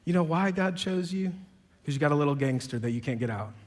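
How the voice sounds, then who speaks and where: A man preaching a sermon as a pastor, emphatic, swinging from low and quiet to loud and raised, with sarcastic joking asides. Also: animated, fast. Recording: long reverb of a big hall.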